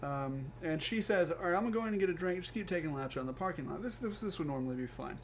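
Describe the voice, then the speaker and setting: A young man, a podcast co-host, telling a comedic story with animated delivery and swearing. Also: on the high side, fast. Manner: animated, swearing, acts out quoted voices. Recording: faint background noise.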